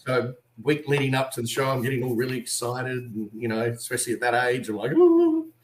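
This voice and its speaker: An Australian man in his forties tells an animated story on a video call, slipping into voices for the people he quotes. His voice sits in a middle pitch. The echo of the room around him comes through the call. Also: fast talker, a little hiss or hum. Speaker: guest.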